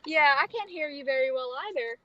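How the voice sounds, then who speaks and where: A woman talking as a guest on a live stream, casual, blunt and quick to laugh. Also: high voice, lively intonation, lo-fi sound.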